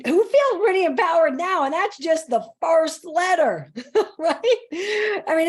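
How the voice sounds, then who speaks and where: A woman motivational speaker giving an energetic, playful talk on stress and acting out her own self-talk. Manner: lowers her voice for a mantra. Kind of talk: live online talk on stress.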